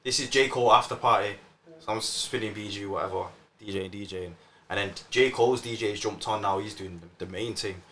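A man's voice: lowish voice, steady tone, fairly bright tone, slight background noise. A young man, telling stories in slangy casual chat as a podcast host. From Scotland. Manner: slangy, storytelling, quick. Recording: roomy sound with faint ambience.

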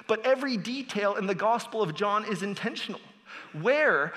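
Bright-voiced man preaching a sermon. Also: high voice, in a large hall. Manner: earnest, rising to emphatic appeals. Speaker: pastor.

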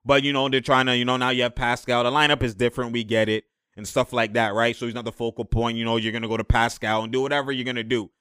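A man's voice: medium pitch, level tone, fast, few pauses, sharp tone, smooth, no echo, clean studio sound. A young man hosting a podcast, talking basketball in a casual, slangy way and leaning on filler phrases. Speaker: podcast host.

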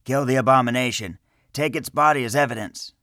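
A man's voice: low voice, fairly even intonation, moderate pace, bright, forceful tone, no room sound, clean studio sound. A man playing a stern temple guard. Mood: shouting orders. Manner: firm, official, commanding. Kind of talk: audiobook character voice.

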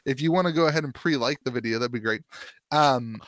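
A man's voice: mid-range voice, fast, a bit bright, dry recording. A man co-hosting a podcast in casual chat, rambling through points with many "um"s and restarts. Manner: rambling, full of fillers and restarts. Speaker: podcast co-host.

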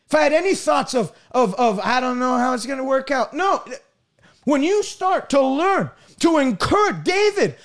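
Man, very high voice, fervent preacher, broadcast sermon, repeats words, bursts of shouting.

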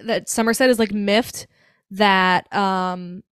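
A woman's voice: mid-range voice, steady tone, slow, clear, resonant tone, no echo, studio quality. A woman co-hosting a podcast, chatting casually and animatedly about a film, swearing freely and laughing often. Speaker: podcast co-host. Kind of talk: casual chat about a movie.

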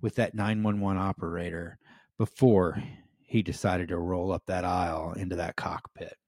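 A low-pitched, flat, darkish voice at normal speed carries this reflective solo podcast talk, recorded dry with clean studio sound. The speaker, an American leadership podcast host, is earnest and leans on frequent "um" and "right?" with rising emphasis.

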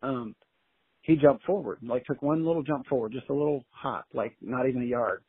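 A man telling a long story in a casual, colloquial and animated way as an interview guest, heard over a phone line. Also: medium pitch, moderate pace, husky, no room sound. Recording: tinny dry phone line.

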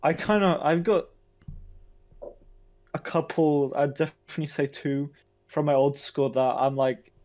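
A young man co-hosting a podcast, talking in casual chat in a hesitant, halting way. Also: on the high side, steady tone, a little mellow. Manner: hesitant, halting, many restarts. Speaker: podcast co-host.

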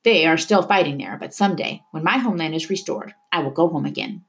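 A woman voicing a kindly, gentle elderly man who offers help, in a storybook read-aloud. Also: sits low, quick pace.

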